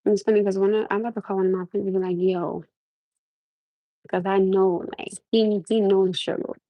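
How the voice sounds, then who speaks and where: A woman's voice: mid-range voice, fast, no echo, highs cut off. A young woman from Norwalk with a New York-tinged accent, chatting casually on a livestream and asking her viewers again and again what they think. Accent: New York-tinged American. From Norwalk, USA. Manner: animated, repeats questions to the audience, restarts often. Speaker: livestream host.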